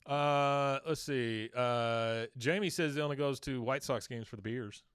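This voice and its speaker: A man's voice: mid-range voice, a little slow, fairly bright tone, clean tone, dry recording, studio quality. A man hosting a podcast, casually recapping a cartoon episode in a rambling way full of ums. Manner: rambling, lots of um and uh. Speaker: podcast host.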